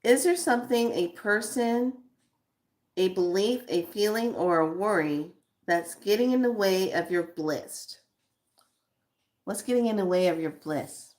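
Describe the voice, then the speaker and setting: Woman, spiritual guide, card reading, journal prompts, very slow, reflective, repeats questions. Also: medium pitch, a little mellow.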